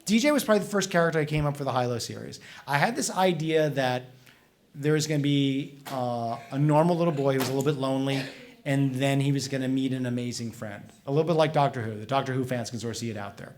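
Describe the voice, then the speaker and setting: A man, a comics author, chatting with an audience at a library event and answering their questions, animated and quick to act out voices in his stories. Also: mid-range voice. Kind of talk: casual public talk.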